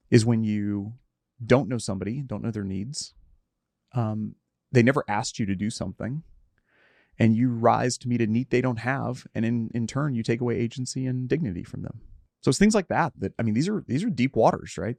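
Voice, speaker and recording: A middle-aged man speaks candidly in a reflective interview, his voice mellow and gravelly. He halts and restarts as he works through a story. The studio sound is close and dry. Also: lowish voice, no room sound. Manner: earnest, candid, halting with restarts. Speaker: podcast guest.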